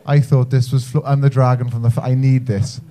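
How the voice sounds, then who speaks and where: A man's voice: medium pitch, level tone, a little fast, warm tone, pitched below the performer's own voice, lightly acted. A man with a North Welsh accent voicing a flustered male dragon who has wandered into the wrong business meeting, muttering awkwardly in a stand-up bit.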